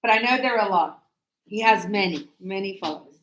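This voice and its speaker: A woman teaching an English class in a chatty, lively way, acting out everyday conversations. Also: mid-range voice, a little fast, roomy sound, rough recording.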